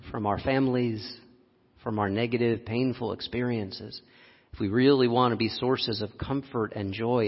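A man preaching a sermon, telling a personal story with frequent laughs and an animated delivery. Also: fairly low pitch, slightly rough. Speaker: pastor. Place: church sanctuary. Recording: dull lo-fi audio, long hall reverb.

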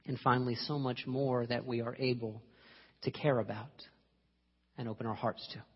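Husky man preaching in a reverberant hall. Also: medium pitch. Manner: storytelling, acting out voices in a parable. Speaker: minister. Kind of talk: sermon. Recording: lo-fi recording with long hall reverb.

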